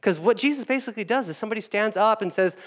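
A man's voice: high-pitched, very fast. A male pastor delivers a sermon with playful, self-deprecating humor. His voice sits a little above the usual male range.

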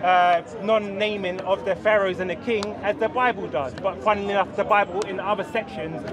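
A man arguing his point in an outdoor debate, measured and persistent. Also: high voice, steady tone. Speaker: Christian street debater. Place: busy outdoor park with a crowd. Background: crowd talking.

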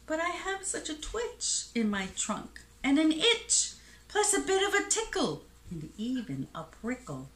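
A woman voicing a big, sorry male elephant in a storybook read-aloud, pleading and excitable. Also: high voice, slow pace, pitched above the performer's own voice, full character voice. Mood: apologetic. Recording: echoey room.

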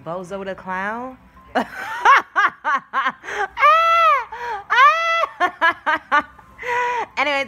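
Woman vlogger with a bright, punchy voice. Brash and sassy, curses and laughs easily. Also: on the low side, a little hiss or hum. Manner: brash, sassy, swears freely and laughs mid-sentence. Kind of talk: casual talk to camera. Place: at home in a new place.

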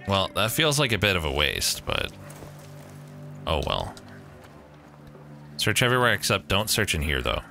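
A man with a low voice gives casual live-stream commentary while he plays. His delivery is wry and joking, moves up and down in pitch, and breaks into easy laughs. Game music plays clearly behind him. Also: very animated, moderate pace, pauses often, bright, forceful tone.

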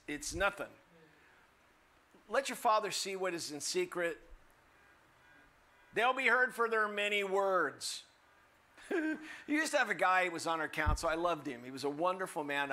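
An older man preaching a sermon as a guest speaker, animated and humorous, acting out the voices he quotes. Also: on the high side, moderate pace.

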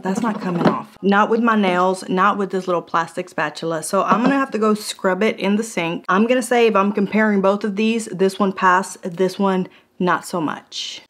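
A woman's voice: mid-range voice, normal speed. Jokey woman with a country twang. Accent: put-on American country twang. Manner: jokey, animated, laughing asides. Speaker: product reviewer vlogger. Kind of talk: casual chatty product test.

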